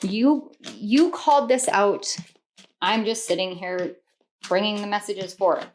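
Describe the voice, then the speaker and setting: A woman's voice: medium pitch, slow pace, darkish tone, slight background noise. A woman reading tarot cards to camera, earnest and rambling, often repeating herself and laughing. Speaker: tarot reader.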